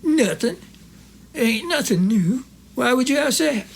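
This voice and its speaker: A man's voice: extremely high pitch, animated, a little slow, creaky, slightly rough, pitched above the performer's own voice, full character voice. A man voicing a rambling, evasive old rancher who drawls and stumbles over repeated words.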